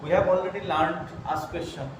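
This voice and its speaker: A man teaching an English grammar lesson, talking slowly and repeating phrases, often saying "okay" while writing examples. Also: sits high. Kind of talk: slow grammar lesson at a whiteboard. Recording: very echoey room, mic far off, noisy.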